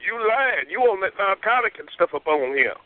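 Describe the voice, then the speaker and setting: A man's voice: high voice, sing-song, a little fast. A man voicing a scolding, preachy old country man with a Southern accent, drawling and nagging. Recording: tinny phone line with faint music.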